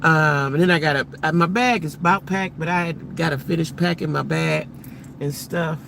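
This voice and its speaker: Gravelly, bright-voiced woman chatting live. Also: sits low, normal speed, slight background noise. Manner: chatty, animated, talks to viewers in the chat. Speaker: livestream host. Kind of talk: casual live-stream chat.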